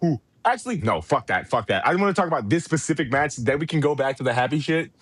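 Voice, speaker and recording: A man's voice: medium pitch, expressive, fast, a bit bright, husky, dry recording. A man co-hosting a wrestling podcast, swearing and ranting in a furious, heated way. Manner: furious, foul-mouthed rant with mock British impression. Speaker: podcast co-host. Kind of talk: profane ranting podcast chat.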